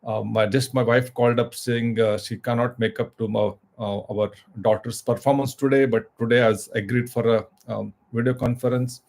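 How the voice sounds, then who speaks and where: A man voicing a stressed male executive complaining haltingly about his workload. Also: medium pitch, steady tone, vocal fry, a little mellow, natural voice.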